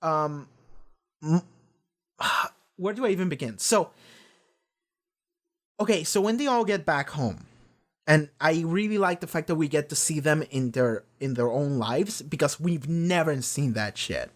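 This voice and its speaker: Rambling, profane man with a higher voice. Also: animated, a little slow, long pauses. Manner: rambling, profane, lots of restarts. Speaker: reaction video host. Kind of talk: casual rambling episode discussion.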